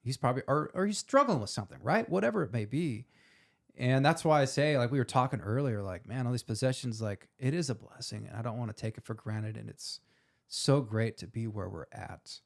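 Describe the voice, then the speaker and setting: Forties guy, gravelly voice, heartfelt and emotional, real casual way of talking. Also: medium pitch, brisk. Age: 40s. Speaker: firefighter guest. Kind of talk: candid personal interview.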